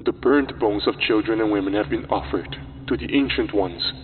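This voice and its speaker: A man's voice: lowish voice, moderate pace, big-room sound, phone-quality sound, a little hiss or hum, natural voice. A man voicing a fanatical robed cult leader in a goat mask, proclaiming in a ritual chanting delivery for a horror story.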